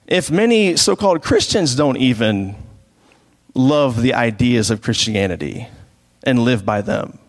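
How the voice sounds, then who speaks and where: A man's voice: a little high, in a large hall. A man preaching a sermon as pastor, in a conversational way, asking the congregation rhetorical questions.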